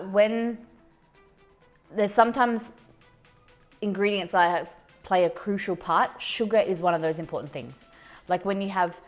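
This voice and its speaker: Chatty woman streamer over faint music. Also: fairly low pitch. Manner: chatty, rambling, laughs at herself. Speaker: cooking stream host. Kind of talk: casual live-stream chat reading viewer messages.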